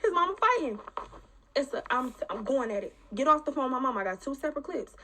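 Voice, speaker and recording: Casting note: high-pitched woman, casual storyteller, blunt and profane, animated delivery. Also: fast talker, a little hiss or hum. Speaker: woman telling her story.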